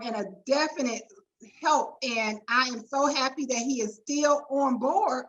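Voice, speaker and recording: A woman hosts a legal webinar in a chatty, colloquial way. Her voice sits high. The audio is a little dull and lo-fi, like a video call. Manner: chatty, warm asides and colloquial "y'all". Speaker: webinar host and attorney. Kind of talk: lively webinar introduction.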